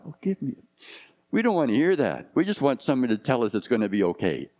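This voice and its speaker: A man's voice: mid-range voice, sing-song, quick pace, mellow. A man in his fifties, a pastor preaching a conversational sermon full of rhetorical questions.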